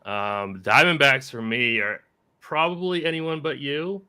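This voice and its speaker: A man with a very bright, sharp, forceful timbre co-hosts a casual sports betting chat. He delivers his picks in an upbeat, quick-fire way, with a middle pitch. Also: clear, resonant tone. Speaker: co-host.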